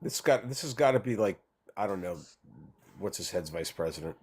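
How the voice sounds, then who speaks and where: Animated man with a lively pitch. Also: normal speed, husky. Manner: animated, interrupting. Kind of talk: casual heated debate chat.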